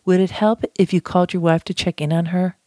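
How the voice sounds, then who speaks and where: A speaker voicing a female office worker in a read-aloud role play, speaking briskly and reassuringly. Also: mid-range voice, level tone, a little mellow, no room sound, studio quality, close to an everyday voice. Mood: soothing. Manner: soothing, reassuring.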